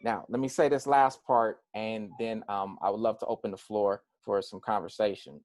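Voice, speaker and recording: An American man, a pastor, speaking earnestly to a group over a video call, repeating words for weight and slowing down to stress his points. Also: fairly low pitch, steady tone, darkish tone, no room sound. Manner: slows down to stress points, with some fillers and restarts. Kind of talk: personal talk to a group.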